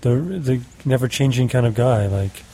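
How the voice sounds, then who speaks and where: A man's voice: mid-range voice, moderate pace, dark tone, a little hiss or hum. A man interviewed as an actor on an indoor green-screen stage, answering hesitantly with many filler sounds. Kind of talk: casual behind-the-scenes chat.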